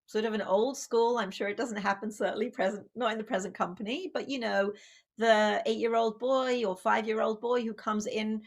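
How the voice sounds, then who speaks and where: A woman's voice: on the high side, steady tone, normal speed. A woman, a child psychologist and author, giving a conversational public talk on parenting, with many fillers and self-corrections.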